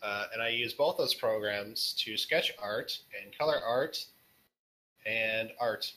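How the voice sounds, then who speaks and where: A man being interviewed as a guest artist on a casual podcast, answering in a rambling, jokey, halting way. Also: lowish voice, bright, forceful tone, poor audio.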